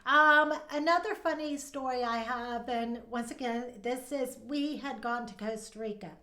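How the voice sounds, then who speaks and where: A middle-aged woman co-hosting a podcast, an animated storyteller in casual conversation. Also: fairly high pitch, a little slow. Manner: animated storyteller who acts out quotes. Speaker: podcast co-host. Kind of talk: casual chat. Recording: echoey room.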